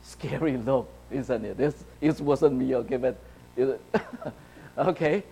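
A man from China preaching to young people, telling a personal story with animated swings between hushed and loud, often checking in with "right?" and "okay?". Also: mid-range voice, slow pace, gravelly, slightly rough, low-quality recording. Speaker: youth speaker.

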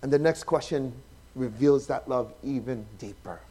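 A pastor, preaching a sermon that swings from loud, emphatic passages to soft, hushed ones. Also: male voice, mid-range voice, normal speed, husky. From Hawaii.

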